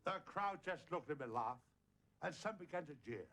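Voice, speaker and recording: Against audience laughter on a hissy old television recording, a male stage comedian recites a comic poem, rambling off and breaking to joke and chuckle at himself. His slightly high voice is expressive, fairly bright and a little fast.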